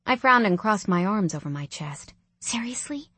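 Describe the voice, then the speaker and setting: A woman narrating a first-person audiobook in a soft, reflective way. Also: fairly low pitch, expressive, moderate pace, dry recording.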